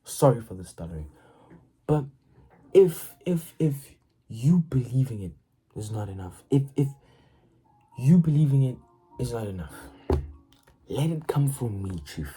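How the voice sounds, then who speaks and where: A woman giving a casual, profane motivational rant, excitable and stammering as she repeats her words. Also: a bass voice, a little slow, pauses often, slightly rough, soft background music, low-quality recording. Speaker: motivational vlogger.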